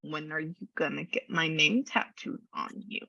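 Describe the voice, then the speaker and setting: A woman's voice: sits low, normal speed, vocal fry, bright, forceful tone, no echo, highs cut off, pitched below the performer's own voice, heavily acted. A woman voicing a brash, joking young male spirit, quoting what he tells her. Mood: teasing.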